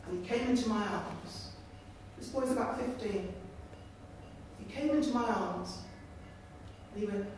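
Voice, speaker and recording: A woman's voice: mid-range voice, unhurried, pauses often. A woman giving a storytelling speech as a campaign speaker, acting out the voices of the people in her stories. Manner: lively storyteller who acts out voices. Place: large meeting room in Parliament. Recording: echoey hall from far off, faint hiss.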